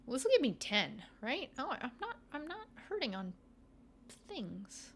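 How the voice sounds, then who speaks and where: Young female game streamer with a slightly raised pitch, chatty and playful, talking to chat while she plays. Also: very animated, measured pace, a little hiss or hum. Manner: chatty and playful, thinking aloud, teasing back at chat. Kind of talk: casual gameplay commentary to a live chat.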